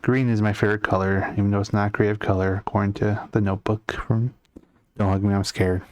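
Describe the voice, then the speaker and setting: A man's voice: on the low side, level tone, fast talker, darkish tone, no echo. A young man casually chatting with his chat while drawing on a live stream, rambling and answering comments as he works. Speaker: art streamer.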